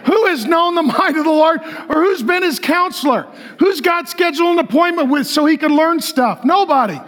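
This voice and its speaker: A middle-aged man preaching to a large congregation, excitable and joking, often yelling as he talks. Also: extremely high pitch, moderate pace. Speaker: pastor. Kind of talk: energetic shouted sermon. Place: large church auditorium with a live congregation.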